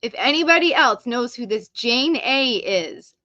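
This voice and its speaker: Excitable woman streamer chatting to her viewers, slow and kinda high, dry dull lo-fi sound. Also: no echo. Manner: excitable, talks straight to her chat viewers. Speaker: live stream host. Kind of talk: casual live-stream chat.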